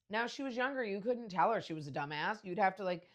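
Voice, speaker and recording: A woman's voice: medium pitch, fast talker. A woman in her forties hosting a podcast, telling casual stories in a brash, profane way with frequent laughter. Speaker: podcast host. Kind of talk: casual storytelling monologue.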